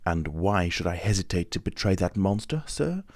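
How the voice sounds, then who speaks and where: A man's voice: deep voice, sing-song, moderate pace, darkish tone, no echo, studio quality. A man reading an audiobook, voicing an impatient, feverish young nobleman with an urgent, pleading delivery. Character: young impetuous nobleman Raoul, agitated.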